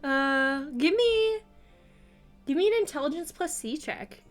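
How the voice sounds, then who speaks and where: A woman's voice: high voice, lively intonation, a little slow, faint music behind. A woman game master casually narrating a tabletop game, swearing and using lots of fillers.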